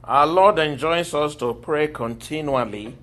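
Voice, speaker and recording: A man preaching a sermon, telling scripture stories with lively acted-out quotes and occasional laughter. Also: a little high, a little slow, a little hiss or hum. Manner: animated storytelling, acting out quoted voices and laughing.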